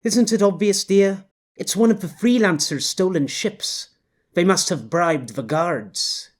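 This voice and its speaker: A sardonic Canadian wife speaking in a high, lifted voice as a male audiobook narrator puts her on. Her remarks come out dry and ironic. It is a storybook character voice. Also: lively intonation, unhurried.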